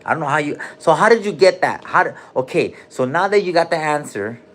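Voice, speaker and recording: A man's voice: fairly high pitch, animated, brisk, fairly bright tone. A man hosting a casual livestream from a hospital room, joking loosely in heavy slang and calling out viewers' names. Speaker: livestream host.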